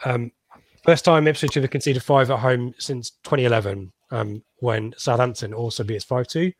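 A man breaking down a football match in loose radio chat. His delivery is dry and sarcastic, with frequent pauses and restarts. He is recorded in a dry, close sound. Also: medium pitch, steady tone, dry recording. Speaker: football fan pundit.

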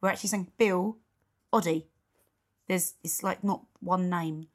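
A woman, co-hosting a podcast with quick, chatty reactions. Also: fairly low pitch, fairly even intonation. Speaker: podcast co-host. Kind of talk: casual chat.

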